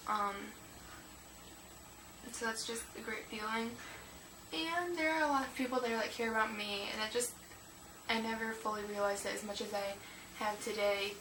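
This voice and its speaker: A teenage girl chatting in a rambling, emotional way for her vlog, with many fillers, recorded at home on a camera mic. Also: medium pitch. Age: teens. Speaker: vlogger. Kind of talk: casual confessional vlog. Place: room at home. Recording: echoey room, distant mic, noisy.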